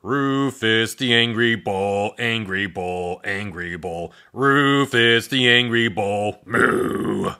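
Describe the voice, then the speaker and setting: A man voicing an angry male bull in a storybook, chanting a slow, loud sing-song tune. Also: on the low side, clear, resonant tone. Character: singing angry male bull, stomping and gleeful.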